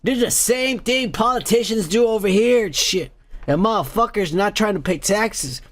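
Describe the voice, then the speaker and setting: A man's voice: high voice, expressive, moderate pace. A man hosting a comedy podcast, ranting crudely about the news and raising toasts while drinking. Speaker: podcast host. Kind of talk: profane comedic news rant.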